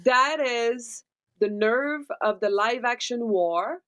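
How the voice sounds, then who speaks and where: A woman, a dubbing producer, gives animated interview answers and keeps checking in with tag questions. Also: on the high side, slow pace. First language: French. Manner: animated explainer, tag questions like right and okay.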